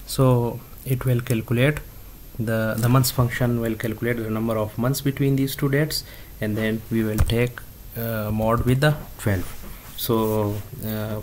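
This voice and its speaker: Slow, halting man teaching a coding lesson. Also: fairly low pitch, level tone, a little mellow, slight background noise. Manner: halting, many fillers and restarts. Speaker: instructor. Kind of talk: screen-recorded coding tutorial.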